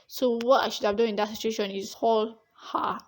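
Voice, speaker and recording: Young nigerian woman storytiming on her vlog, kinda high voice, acts out everyone she talks about. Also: moderate pace. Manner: lively, acts out the dialogue she recalls. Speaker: vlogger. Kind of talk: casual storytelling to camera.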